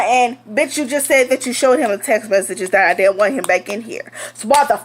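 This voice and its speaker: A woman's voice: a little high, fairly quick, slight background noise. A young woman telling a storytime vlog in a blunt, heated, profane way. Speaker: vlogger.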